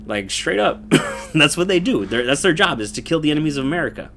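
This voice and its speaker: A man's voice: a little high, big pitch swings, brisk, fairly bright tone, a little hiss or hum. Profane rambling young man ranting. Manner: profane, rambling, laughs between points. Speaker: commentator. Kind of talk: casual political rant.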